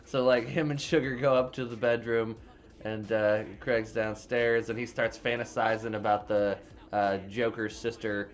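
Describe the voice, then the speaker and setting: A man's voice: lowish voice, level tone, moderate pace. A man casually retelling a movie plot in a rambling, profane, filler-heavy way. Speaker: movie reviewer. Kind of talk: casual spoiler recap.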